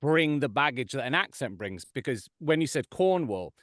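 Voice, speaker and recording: A man's voice: medium pitch, very animated, moderate pace, a bit bright, dry recording. Narrator guy asking questions, bouncy voice, dry close sound. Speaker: audiobook narrator. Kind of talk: conversational discussion.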